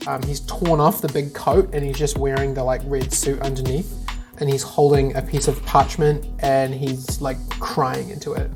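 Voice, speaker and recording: A woman's voice: a bass voice, little pitch movement, moderate pace. A woman narrating a tabletop game as game master in a casual, filler-heavy way, over background music.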